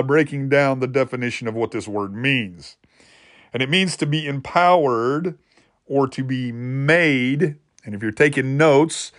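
A man's voice: mid-range voice, no room sound, studio quality. A man preaching a sermon in an earnest teaching manner, lifting his voice to drive points home. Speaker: pastor.

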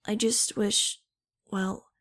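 A woman's voice: medium pitch, level tone, very slow, a bit bright. A woman voicing a fond, wistful talking male dog who speaks in an earnest, sighing way.

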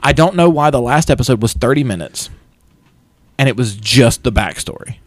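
A man co-hosting a podcast, casually recapping an anime with lively, profane storytelling. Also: mid-range voice, normal speed. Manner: animated retelling, acting out characters in funny voices, swears freely. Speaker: podcast co-host.

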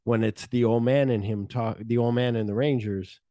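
A man's voice: medium pitch, steady tone, moderate pace, mellow, no echo, clean studio sound. A man co-hosting a casual podcast chat, animatedly retelling a film's scenes, acting out the characters' lines and swearing freely. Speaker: podcast co-host. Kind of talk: casual chat recapping a film.

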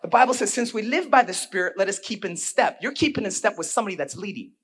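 A male pastor preaching a sermon. He swings from hushed storytelling to shouted preaching and puts rhetorical questions straight to the congregation. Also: high voice, expressive, quick pace.

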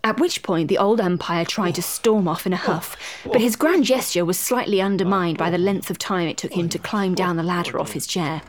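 A woman narrating a story in a wry, expressive way. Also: fairly low pitch, a little fast, a little hiss or hum.

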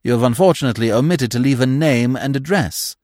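A man voicing a courteous, unflappable young gentleman with a monocle, speaking in a dry, measured way, in an audiobook reading. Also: mid-range voice, no echo, voice pushed up, close to an everyday voice. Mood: urbane.

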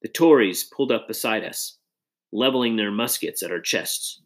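A man reading a children's adventure story aloud in an expressive, dramatic way. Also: fairly low pitch, moderate pace. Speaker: audiobook reader. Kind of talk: storybook narration.

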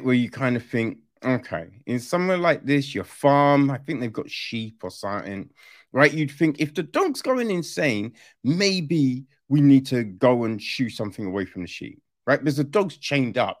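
A man's voice: medium pitch, sing-song, normal speed. A man giving a casual, rambling film review rant, exasperated and swearing freely.

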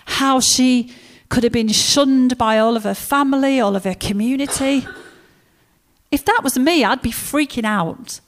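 A woman preaching a sermon, telling stories in a lively way and acting out the characters. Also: high-pitched, measured pace.

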